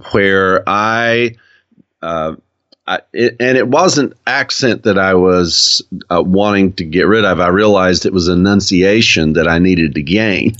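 A man's voice: deep voice, a bit bright, muffled recording. A man with a Southern US accent in casual chat as co-host, easygoing and laughing often.

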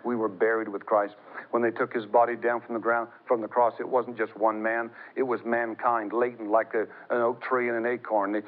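A middle-aged man preaching a sermon, telling stories in an animated way that climbs high as he gets excited. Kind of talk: sermon with storytelling. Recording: tinny phone-like broadcast sound.

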